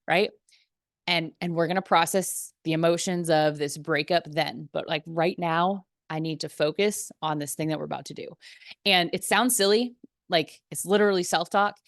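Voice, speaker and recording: A young adult woman, a fitness and health coach, talking casually to camera. She chats loosely, leaning on "like" and "right?", laughs often, and acts out her own inner voice in quick asides. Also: on the low side, no room sound, studio quality. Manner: chatty, peppered with "like" and "right?", breaks into laughs.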